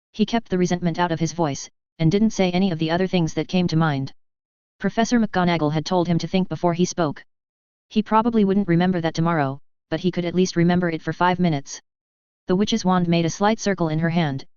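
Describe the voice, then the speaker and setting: Female narrator, steady story reading, lowish voice, dull dry sound. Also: brisk, smooth, no room sound. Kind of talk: audiobook reading of fan fiction.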